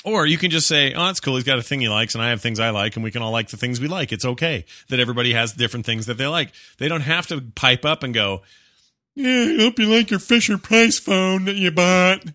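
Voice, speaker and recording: A man's voice: mid-range voice, fast talker, few pauses, pushed and bright, no echo, studio quality. A man hosting a casual podcast chat, talking animatedly and acting out the voices he quotes.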